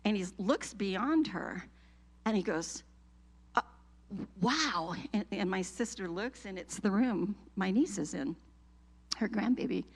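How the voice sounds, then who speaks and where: A middle-aged woman sharing an emotional personal testimony with a church group, telling it with animated feeling and laughs. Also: medium pitch.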